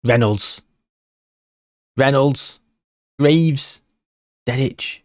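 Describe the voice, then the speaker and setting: A man, tired, giving casual commentary on a football management game and muttering player names between bursts of excitement. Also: mid-range voice, drawn-out words, no room sound, studio quality. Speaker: gaming channel host.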